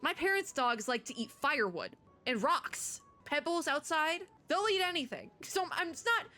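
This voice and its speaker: A woman's voice: high-pitched, moderate pace, soft background music. Bubbly young woman gushing over a game. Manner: excitable, gushing, giggly. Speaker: VTuber gamer. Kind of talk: let's play commentary.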